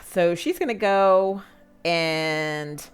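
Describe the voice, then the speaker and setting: A woman's voice: on the low side, drawn-out words, clean tone. A woman giving casual, chatty gameplay commentary, with lots of fillers and frequent laughter. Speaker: Sims gameplay narrator.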